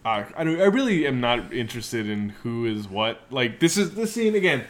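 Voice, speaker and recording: A man's voice: medium pitch, big pitch swings, normal speed. A man co-hosting a casual movie review chat, chatty, laughing often and swearing freely. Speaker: podcast co-host.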